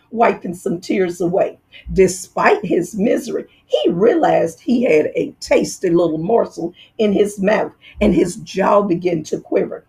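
Woman storyteller for a kids' read-aloud: slow, expressive, lots of pitch movement. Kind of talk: children's book read-aloud.

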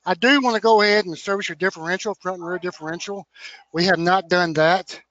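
A man's voice: high voice, steady tone, a little fast, a bit bright, no echo. A man role-playing a friendly service advisor on a sales call, upbeat and calling the customer "my friend". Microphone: video call. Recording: muffled call audio.

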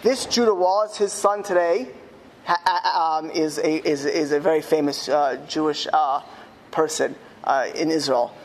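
A man, a rabbi, telling a story in a speech to school students. He slows down emphatically on key words. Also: fairly high pitch, long reverb tail, a little hiss or hum. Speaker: rabbi giving a talk at a school. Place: school hall.

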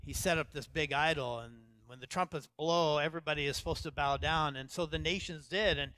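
A middle-aged man preaching a sermon as pastor, telling a story with animated self-quotes and then dropping to quiet emphasis. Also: a little high, brisk, no room sound. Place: church stage.

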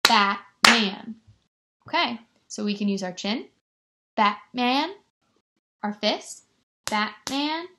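A woman teacher giving a remote lesson to young children, stretching words out slowly and encouraging them. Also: a little high, very noisy. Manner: slow, exaggerated word-stretching, encouraging.

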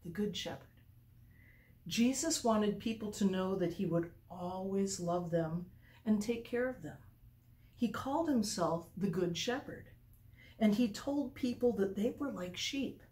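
A woman reading a children's Bible storybook aloud for a church story time, slow and expressive. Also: medium pitch.

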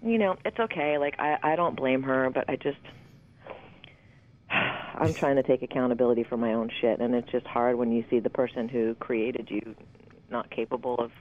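A woman's voice: extremely low pitch, moderate pace, slight background noise. A woman in her fifties, a guest in a casual interview, rambling candidly and swearing freely. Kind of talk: casual phone interview chat. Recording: tinny phone line.

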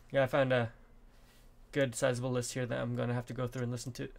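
A man's voice: mid-range voice, level tone, a little fast, gravelly. A man chatting casually with a friend while playing a game, in an easygoing way. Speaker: gamer. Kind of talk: casual chat while gaming.

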